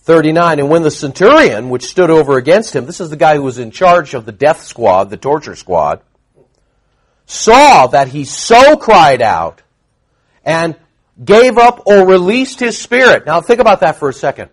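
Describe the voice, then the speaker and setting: A male pastor preaching a sermon, emphatic and animated, firing off rhetorical questions. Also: on the high side, normal speed.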